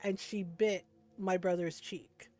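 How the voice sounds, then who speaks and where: A woman's voice: lowish voice, fairly even intonation, slow pace, mellow. Chatty woman streamer telling a story. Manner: chatty, rambling, keeps asking "right?", laughs often. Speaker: game streamer. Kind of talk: casual storytelling to a live chat.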